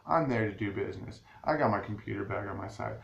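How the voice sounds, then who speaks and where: A man talking straight to his viewers in a loose, rambling vlog, his low voice rough with gravel. He restarts sentences and circles back as he goes. The room is echoey, with a faint hum of ambient noise behind him. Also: quick pace, dull audio. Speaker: vlogger. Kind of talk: casual rambling monologue to viewers.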